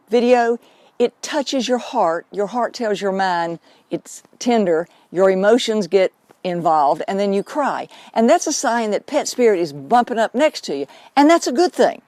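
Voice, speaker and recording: A woman's voice: medium pitch, darkish tone, no room sound. Earnest woman host explaining to camera. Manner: earnest, explaining, drawn-out words for emphasis. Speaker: animal medium hosting her own show. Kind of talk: unscripted direct-to-camera talk.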